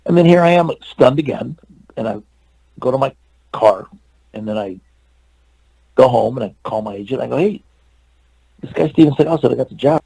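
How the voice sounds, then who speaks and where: A man's voice: mid-range voice, animated, fairly quick, vocal fry, pauses often, dark tone, slightly rough, no echo, rough recording. A man in his sixties from California, an interview guest telling a long anecdote and acting out the dialogue, with many fillers and restarts. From California, USA.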